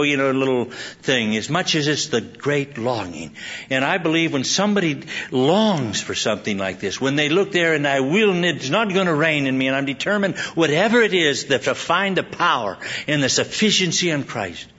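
This pastor, whose voice runs on the high side and a bit bright, is from Southern California. In his sermon he rambles through a personal story, often laughing and restarting, captured in dull lo-fi sound.

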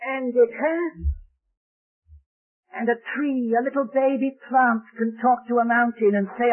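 A man preaching a sermon with dramatic storytelling and slow, emphatic stresses. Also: extremely high pitch, fairly even intonation. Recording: tinny old lo-fi recording.

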